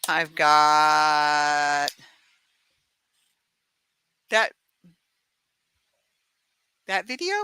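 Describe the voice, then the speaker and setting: Chatty woman with a bright, crisp voice. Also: low-pitched, drawn-out words, pauses often, no echo. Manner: chatty, laughs often. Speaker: host. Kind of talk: casual live-stream chat.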